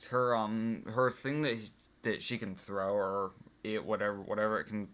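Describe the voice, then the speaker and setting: A man's voice: fairly low pitch, fairly even intonation, normal speed, a bit bright, smooth. A young man talking casually as he ranks things, rambling with many ums and restarts. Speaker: vlogger. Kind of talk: casual tier-list ranking chat.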